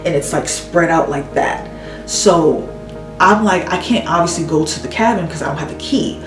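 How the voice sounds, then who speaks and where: A woman with a low voice tells a story at a normal pace, venting casually and acting out what people said while she does her makeup at home. Her storytelling is animated and exasperated, full of acted-out quotes. The rough recording is echoey and distant, with music in the background.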